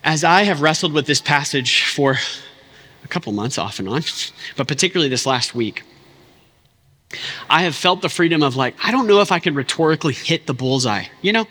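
A man's voice: a little high, lively intonation, brisk, pushed and bright, long reverb tail. A man, preaching a sermon in an impassioned, conversational way, full of casual asides. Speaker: pastor.

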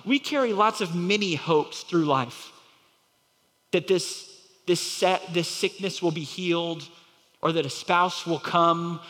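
A man preaching a sermon as pastor, earnest and emphatic, swelling and dropping his voice and slowing down when he reads scripture. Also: sits high, sharp tone, in a large hall.

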